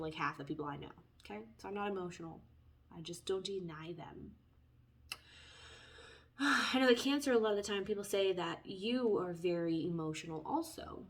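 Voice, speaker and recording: A chatty woman reads tarot cards and talks straight to her viewers. She wanders into side stories and apologizes for them. Her voice swings between loud bursts and soft, near-whispered asides. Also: medium pitch. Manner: chatty, tangents, lively swings in loudness. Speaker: tarot reader. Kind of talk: casual spoken tarot reading.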